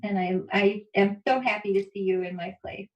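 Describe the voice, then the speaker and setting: A woman calling in to a talk radio show, speaking slowly and gratefully and laughing easily. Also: mid-range voice, steady tone. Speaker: caller. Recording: echoey, muffled phone line.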